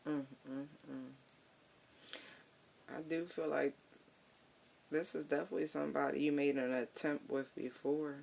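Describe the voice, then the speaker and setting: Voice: medium pitch, vocal fry, slight background noise. A tarot reader giving a casual, slangy reading, humming and musing aloud as cards come up. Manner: relaxed, slangy and profane, with drawn-out hums while pulling cards.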